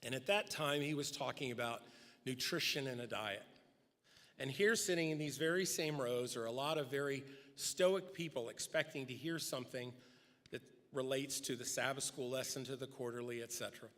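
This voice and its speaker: A man's voice: normal speed, a bit bright. A middle-aged man giving a eulogy at a memorial service, telling personal anecdotes and acting out quotes, speaking at a podium microphone in a large church sanctuary. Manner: storytelling, acting out quotes with rising pitch. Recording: long church hall reverb.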